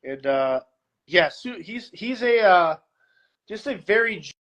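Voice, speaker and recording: A man being interviewed as a guest, chatting casually and telling animated stories with quick put-on voices. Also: sits high, poor audio. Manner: animated storyteller, puts on quick voices in anecdotes. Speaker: guest, security director.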